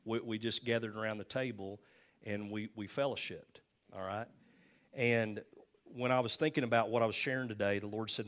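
A man's voice: on the low side, fairly even intonation, normal speed, a bit bright. An older man, a pastor, preaching a sermon in a conversational, folksy way, repeating lines for emphasis.

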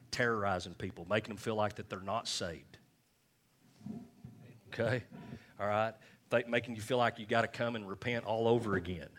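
A man's voice: on the low side, a bit bright. A male pastor preaching a sermon in church, repeating phrases and checking in with the congregation with "all right?".

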